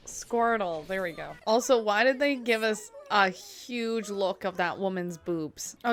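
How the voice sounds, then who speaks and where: A woman's voice: medium pitch, fairly bright tone. Chatty young woman reacting to a cartoon. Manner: chatty, amused, talks back to the screen with gasps and laughs. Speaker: reaction vlogger. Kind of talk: casual reaction commentary.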